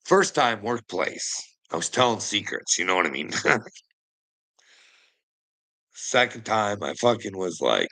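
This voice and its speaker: Man from Canada, gravelly bright voice, lively pitch, rambling confessional vlog monologue full of swearing. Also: unhurried, poor audio. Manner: rambling, heavy swearing, frequent "you know what I mean"; trails off quietly at phrase ends. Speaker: vlogger. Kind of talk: casual monologue to camera.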